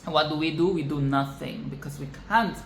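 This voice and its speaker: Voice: mid-range voice, a little fast, gravelly. Profane ranting film vlogger, echoey room. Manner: repeats phrases for emphasis. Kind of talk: casual film commentary rant. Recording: echoey room with faint background noise.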